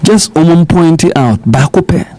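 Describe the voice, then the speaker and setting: A man's voice: on the high side, expressive, moderate pace, mellow. A middle-aged man with a Ghanaian accent, speaking as a politician guest in a radio interview, emphatic and repeating his points while mixing in Twi.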